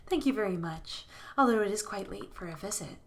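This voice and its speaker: A woman voicing a lonely, motherly forest witch in a game, speaking softly and gently. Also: medium pitch, expressive, a little fast, lightly acted. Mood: doting. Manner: soft, gentle and doting. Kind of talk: reading a game character aloud.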